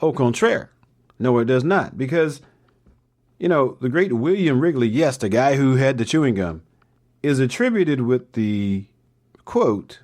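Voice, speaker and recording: A man's voice: medium pitch, expressive, a little slow, darkish tone. A man hosting a motivational podcast monologue, with playful, jokey asides.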